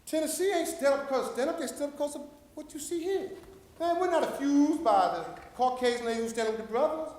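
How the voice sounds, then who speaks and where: A fast-talking Paterson, New Jersey man with a very high-pitched voice preaches fervently at a city council public comment session, rambling on with volume that swells and drops. The recording carries the long echo of the council chamber.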